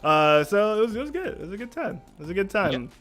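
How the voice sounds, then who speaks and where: A man hosting a casual gaming livestream, excitable, repeating himself and laughing often. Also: high voice, quick pace, soft background music. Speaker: podcast host.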